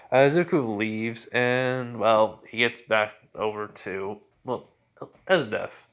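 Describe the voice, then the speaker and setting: A man's voice: lowish voice, slow pace, a bit bright, smooth. A man casually narrating an improvised fan story, rambling with lots of fillers and restarts. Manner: rambling, full of fillers like "well" and "basically".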